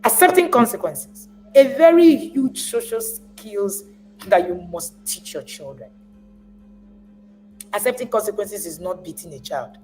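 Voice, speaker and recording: A woman's voice: medium pitch, expressive, measured pace, darkish tone, faint music behind, poor audio. A woman giving a live talk as a parenting coach. She speaks with emphasis, repeats phrases to drive points home, and acts out parents as she goes. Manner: repeats words when stressing a point.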